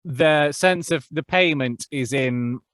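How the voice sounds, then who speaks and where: A man's voice: on the high side, takes it slowly, fairly bright tone, dry recording, studio quality. A man who narrates audiobooks, chatting casually as an interview guest, with lots of fillers and restarts. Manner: chatty, self-deprecating, many fillers and restarts.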